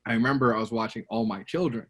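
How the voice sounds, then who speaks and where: A man in his thirties from Brooklyn telling stories as a guest on an interview show. His voice sits at an everyday middle pitch. He talks casually and gets animated when he acts out the people in his stories. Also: quick pace, husky. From Brooklyn, New York. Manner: animated storyteller, acts out quotes with a raised voice.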